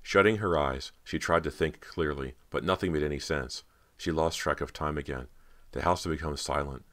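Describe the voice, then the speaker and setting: A man narrating a horror audiobook in a measured, dramatic way. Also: rumbling low, a bit bright.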